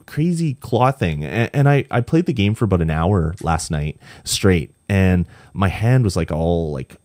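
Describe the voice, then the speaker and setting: Deep-voiced man rambling on a podcast. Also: animated, measured pace, a little mellow, dry recording, studio quality. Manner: rambling, many ums and restarts. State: tired, punch-drunk late at night. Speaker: podcast co-host reviewing a game. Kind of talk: casual podcast chat.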